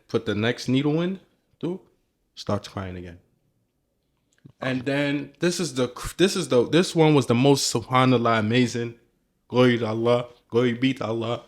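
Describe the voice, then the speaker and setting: A young man co-hosting a podcast, telling a story in casual chat, animated and excited, with lots of restarts. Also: medium pitch. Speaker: podcast co-host.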